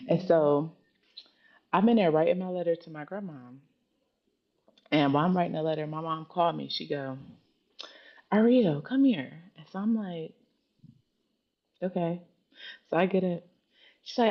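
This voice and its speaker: A woman's voice: low voice, normal speed, pauses often. A woman in her thirties with a Philadelphia accent, a podcast guest telling a personal story in casual chat and acting out what others said. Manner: animated, dramatic quoting of others. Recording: muffled lo-fi podcast audio.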